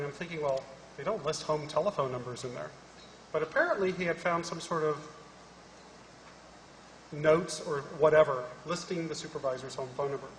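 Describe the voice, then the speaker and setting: A man with a slightly raised pitch tells a story to a conference crowd, acting out every part of the dialogue. His voice rings through a large hall with long reverb, and a faint noise sits underneath. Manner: animated storyteller acting out both sides of a dialogue. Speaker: panelist. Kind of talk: storytelling talk on a conference panel. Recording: echoey hall from a distance.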